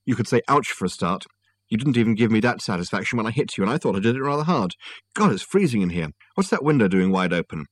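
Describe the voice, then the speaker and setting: A man voicing a brisk, sharp-tongued woman. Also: on the low side, big pitch swings. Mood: exasperated. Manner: brisk and dry.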